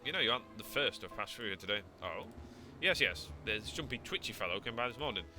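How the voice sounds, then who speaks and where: A smug, wealthy baron, read by a man in a very bright, crisp voice, polished and courteous with a gossipy edge. It is a visual novel game read aloud, with faint music underneath. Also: on the low side, expressive, fast. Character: smug wealthy middle-aged male baron.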